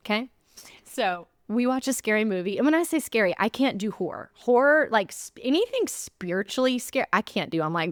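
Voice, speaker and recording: A young adult woman, an actress guest, telling funny stories in an animated way, often laughing, in a casual interview. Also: on the high side, moderate pace, no room sound, clean studio sound.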